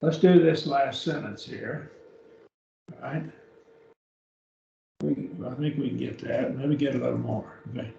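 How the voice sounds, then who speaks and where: A man's voice: medium pitch, a little slow, gravelly, long pauses, mellow, a little hiss or hum. A man teaching a beginners' Greek class, patiently explaining step by step and often checking with "okay?", recorded from a distance. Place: church classroom. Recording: echoey room, distant mic, dull lo-fi.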